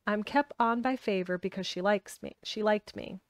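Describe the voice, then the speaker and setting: A gruff old man from the dales talks in a dry, blunt country way. He is voiced by a woman reading a storybook aloud. The sound is close and dry. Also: medium pitch, moderate pace, no room sound, lightly acted. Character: crabbed old male gardener, dry and gruff.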